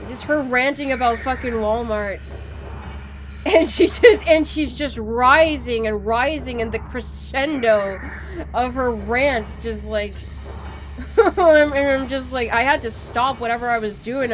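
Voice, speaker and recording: Playful young female streamer, slow rambling chat over faint music. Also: on the high side. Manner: playful, rambling, laughing asides. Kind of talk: casual gaming stream chat.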